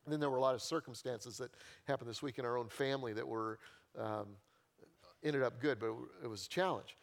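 A man's voice: medium pitch, brisk. A male pastor preaching a sermon in a conversational, storytelling way, with self-deprecating humor and key phrases repeated for emphasis.

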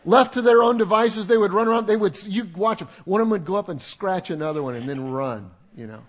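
An older man preaches in a high, light voice. His delivery is conversational and humorous, with asides to the congregation between scripture readings. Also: brisk. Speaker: pastor. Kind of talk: sermon. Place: church sanctuary with congregation.

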